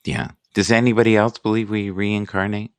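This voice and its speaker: A man hosting a casual live morning chat, musing and self-deprecating, reading out sayings slowly. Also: lowish voice, little pitch movement, smooth, no echo.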